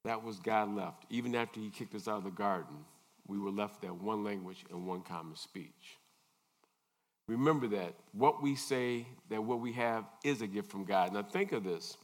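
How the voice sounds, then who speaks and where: A man preaching a sermon, unhurried, pausing often and asking his listeners questions. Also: lowish voice. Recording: long reverb in a large hall.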